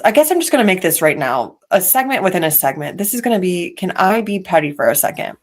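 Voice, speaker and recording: A woman's voice: fairly low pitch, big pitch swings, fast, few pauses. A woman hosting a podcast, chatting in a casual, opinionated way and dropping petty asides. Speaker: podcast host. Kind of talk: casual reality-TV gossip commentary. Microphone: podcast mic.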